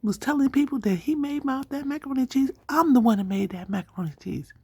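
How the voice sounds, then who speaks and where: A woman voicing a laughing, indignant woman cook behind a food counter, in a husky voice pitched higher than her own. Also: fast talker, a little mellow.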